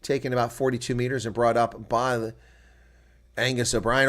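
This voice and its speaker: A man doing solo live-stream rugby commentary with a mid-range voice. He mutters quietly to himself between passages of play. When the action heats up, he gets loud and excited and argues with the referee's calls. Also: medium pitch, moderate pace. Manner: muttering to himself while checking results.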